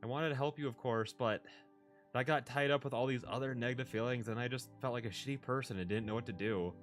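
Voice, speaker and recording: A man's voice: mid-range voice, fast, soft background music, natural voice. A man reading a story aloud, voicing a young adult sister who speaks hesitantly and emotionally. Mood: remorseful. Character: young adult woman, anxious, tearful sister.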